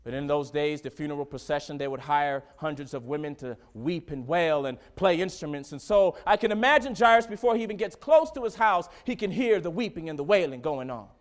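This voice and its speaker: A man preaching a sermon, swinging from hushed, low lines to loud, fervent exhortation. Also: animated, fairly quick, hardly any pauses.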